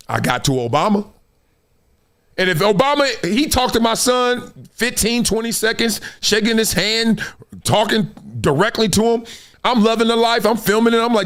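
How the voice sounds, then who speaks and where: Middle-aged male host, high lively voice, animated storyteller. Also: moderate pace. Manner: animated storytelling, laughing, acts out quotes. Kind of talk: live-stream sports talk.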